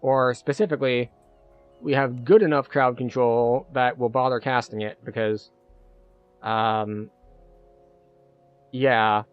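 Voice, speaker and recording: Streamer: a man, casual running commentary while he plays, middle pitch, faint game music. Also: steady tone, slow pace, pauses often, smooth, no echo, lo-fi sound. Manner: casual, chatty, thinks out loud with fillers. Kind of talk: live-stream gameplay commentary.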